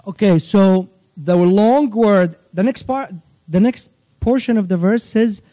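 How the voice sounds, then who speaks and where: A man teaching children a church chant, patiently repeating each line and singing it out slowly. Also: sits high, warm tone, dry recording, poor audio. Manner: patient, repeats phrases slowly, sings the verse drawn out. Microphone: livestream.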